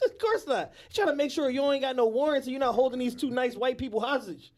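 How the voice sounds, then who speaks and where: A man co-hosting a podcast in casual chat, chiming in with dry quick jokes and laughter. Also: very high voice, darkish tone. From United States. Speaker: podcast co-host.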